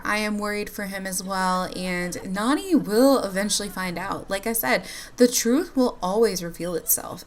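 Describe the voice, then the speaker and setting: A woman giving chatty, bubbly commentary over a life-sim game, laughing often as she talks to her viewers. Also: medium pitch. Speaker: life-sim gameplay YouTuber. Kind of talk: casual gameplay commentary.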